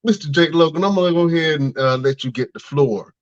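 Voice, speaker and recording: A male podcast host introducing wrestling promos, excitable and reacting like a hype man. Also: fairly high pitch, fast. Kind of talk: hyped podcast hosting. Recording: lo-fi dull audio.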